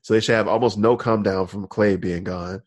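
Casting: man, lowish voice, loose podcast co-host who laughs a lot and restarts thoughts. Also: fairly even intonation, moderate pace, no room sound. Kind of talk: casual chat.

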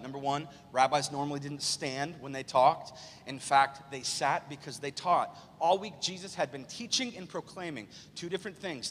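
A male pastor delivers a live sermon in a bright, slightly husky, high-set voice that leaps around in pitch. He asks the congregation rhetorical questions and swings from hushed low lines to loud exclaimed peaks. The church hall leaves a long reverb on his words. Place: large church sanctuary.

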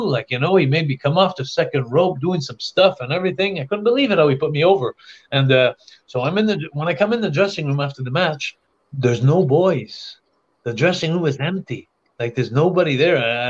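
A man's voice: a little high, highs cut off. An older man from Canada, a guest on a podcast, telling long rambling anecdotes with frequent restarts and bursts of laughter. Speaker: interview guest. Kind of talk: casual storytelling.

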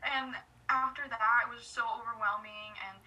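A young woman in casual conversation, telling an excited story packed with filler words and quoted lines. Her voice sits high and bright. She sounds somewhat distant from the mic, with a faint hiss underneath. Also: moderate pace, highs cut off, faint music behind. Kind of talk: casual chat.

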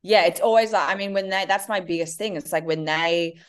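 Animated woman in her thirties. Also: lowish voice, a little fast, clean tone. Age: 30s. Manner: animated, acts out her kids' voices. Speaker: guest. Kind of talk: casual conversation.

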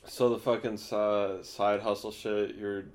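A man hosting a casual podcast chat, relaxed and swearing casually as he chimes in. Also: lowish voice, unhurried, a little hiss or hum.

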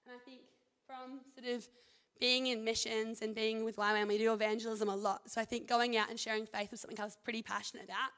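A woman's voice: on the high side, level tone, quick pace, fairly bright tone, big-room sound. A young woman sharing her faith testimony in an earnest, chatty way, then reading scripture aloud. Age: young adult. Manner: earnest, chatty, leans heavily on "like" and "I think".

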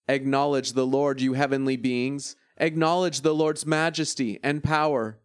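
A man giving a steady, measured reading of scripture. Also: medium pitch, smooth, no room sound, studio quality. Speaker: scripture reader.

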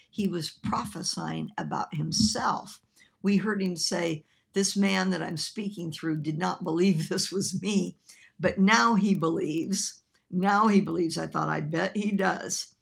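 Gravelly, husky woman preaching. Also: lowish voice. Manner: animated, shifts into quoted voices. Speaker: evangelist preacher. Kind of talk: broadcast sermon storytelling. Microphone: filmed by an assistant.

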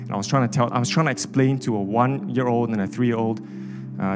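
A man's voice: mid-range voice, brisk, over music. A man, preaching a sermon with an impassioned, repetitive cadence. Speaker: pastor.

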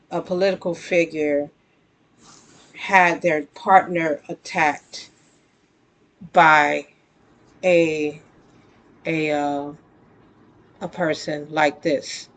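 A vlogger talking straight to viewers in casual spoken commentary, earnest and conversational, often restarting sentences and breaking into emphatic outbursts. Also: medium pitch.

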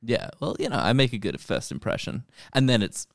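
A man's voice: medium pitch, big pitch swings, a little fast, gravelly, dry recording, clean studio sound. A man co-hosting a podcast, joking and mocking himself in casual chat. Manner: self-mocking, jokey. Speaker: podcast co-host.

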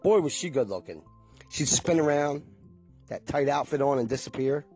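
A man's voice: on the high side, expressive, moderate pace, darkish tone, breathy edge, faint music behind. A man in his forties chatting casually to viewers, rambling and nostalgic and swearing freely.

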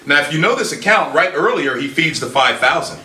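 Animated preacher man, echoey and distant. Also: on the high side, fairly quick. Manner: animated, quoting scripture in dramatic voices. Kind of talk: sermon. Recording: echoey room from far off with faint ambience.

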